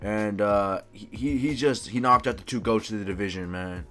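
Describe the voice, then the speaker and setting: A man's voice: on the low side, soft background music, lightly acted. A man putting on an accent as a hyped young male MMA fan who draws out his words and keeps saying "bro". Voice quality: put-on accent, drawn-out words. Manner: excited, repeats "bro" and "man". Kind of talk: impression of another channel's host.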